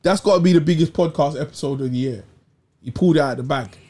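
A man's voice: on the high side, fast. A man co-hosting a casual podcast, talking in slang and often repeating his words. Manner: interrupting, repeating himself, relaxed slang. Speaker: podcast co-host. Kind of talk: casual banter.

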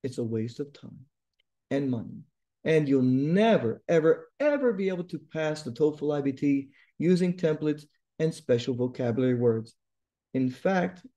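A man's voice: fairly high pitch, warm tone. A middle-aged man tutoring test-takers, giving blunt, emphatic advice and repeating his key points. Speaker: TOEFL tutor. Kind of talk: direct advice lesson to viewers.

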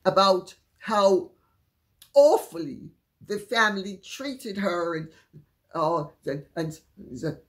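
Chatty woman host dishing gossip, frank and unhurried, pitch swinging all over. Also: sing-song. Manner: chatty, candid, frank asides. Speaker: channel host. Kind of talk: gossipy storytelling.

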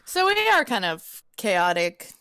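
A woman's voice: lowish voice, very animated, unhurried, sharp tone, smooth, no echo, studio quality. A woman co-streaming a story game, reading aloud and chatting hesitantly. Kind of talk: casual chat and reading.

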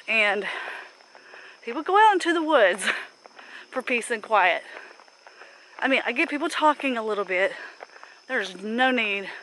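A woman's voice: medium pitch, pushed and bright, a little hiss or hum. A woman walking an outdoor park loop and chatting to her camera, pointing out sights and venting casually. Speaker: vlogger. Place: outdoors on a rural park road. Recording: faint outdoor ambience with insects.

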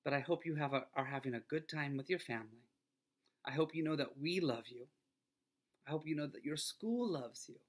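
A middle-aged man, a school pastor, giving a children's devotional talk in a gentle, earnest way that often sinks to a soft near-whisper. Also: on the high side, lively intonation, fairly quick.

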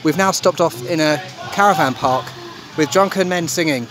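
A man's voice: fairly high pitch, moderate pace. Chatty man vlogging on a phone. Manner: chatty, upbeat, frequent ums and laughs. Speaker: travel vlogger. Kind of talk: casual travel vlog narration. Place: outdoors and in a restaurant, on the move. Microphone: phone held in hand.

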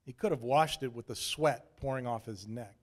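A man's voice: mid-range voice, normal speed. A man from Idaho telling a wry, self-deprecating story as a preacher in a sermon. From Idaho, USA.

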